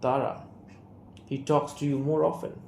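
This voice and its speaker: A man's voice: medium pitch, flat delivery, normal speed, gravelly, a little mellow, lightly acted. Tara, a man reading a resentful young woman. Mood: bitter. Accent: Indian English. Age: young adult. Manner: reads character names and stage directions aloud. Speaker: student reader. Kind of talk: reading an audio play aloud. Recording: roomy room, faint hiss.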